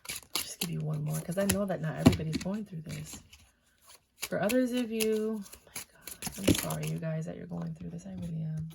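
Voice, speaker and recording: A woman reads tarot cards for her viewers in a relaxed, chatty voice with plenty of swearing. Her tone sits low and has a gravelly, fry-heavy grain. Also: normal speed, heavy background noise. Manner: chatty and loose, swears freely. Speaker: tarot reader. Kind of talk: casual tarot reading.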